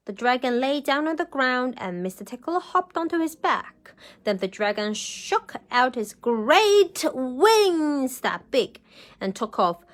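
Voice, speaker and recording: Animated woman reading a storybook to kids. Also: fairly high pitch. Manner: animated, asks the children questions. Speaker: children's storyteller. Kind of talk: reading a picture book aloud to children.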